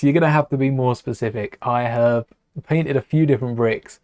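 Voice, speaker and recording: While building on a live stream, a man chats loosely, trailing off into mutters before answering viewers and greeting chat. His everyday middle-pitched voice is a little mellow at normal speed, and the sound is dry and close with no room echo.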